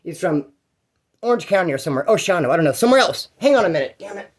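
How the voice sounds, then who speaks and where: A man's voice: high voice, animated, rapid-fire, slightly rough. A man from California telling his own prison stories in a rambling, slangy, profane way. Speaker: prison storyteller. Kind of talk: casual storytelling.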